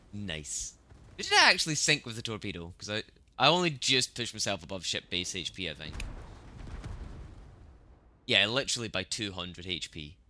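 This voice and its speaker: A man giving casual, chatty gameplay commentary with excitable reactions. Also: sits low. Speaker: gameplay streamer.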